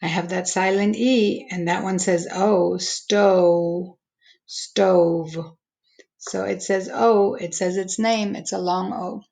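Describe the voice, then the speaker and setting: A woman teacher slowly walking young students through a phonics lesson, stretching out each word's sounds. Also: on the low side, fairly even intonation, creaky, a little mellow, rough recording. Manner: slow, patient, stretching out each word sound.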